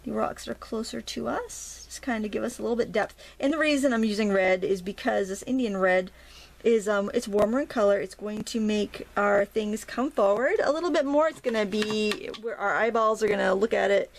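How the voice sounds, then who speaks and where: A middle-aged woman from Maine, USA, with a Maine accent, teaches watercolor painting in a casual, chatty way. Her mid-range voice is brisk and creaky as she talks to herself while she works and tosses in playful asides.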